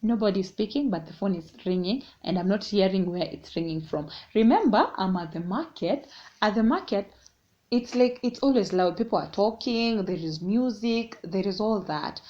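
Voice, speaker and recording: A woman's voice: medium pitch, expressive, moderate pace, darkish tone. A young woman telling a story casually and animatedly, mixing English and Swahili. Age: young adult. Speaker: vlogger. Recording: dull lo-fi sound.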